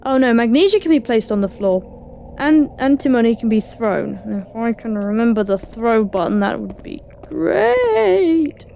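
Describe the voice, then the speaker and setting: A woman with a high, light voice talks through a horror game as she plays. She reads the on-screen text aloud and answers it with dry, sarcastic remarks. A faint hiss sits under her voice. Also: very animated, a little slow, vocal fry, dark tone. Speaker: let's play gamer. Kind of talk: casual gameplay commentary.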